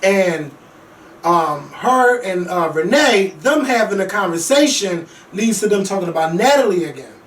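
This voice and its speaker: A man hosting a casual talk show, ranting bluntly and profanely about reality TV, with lively swings in loudness. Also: sits high, measured pace. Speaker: podcast host. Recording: echoey room, mic at a distance.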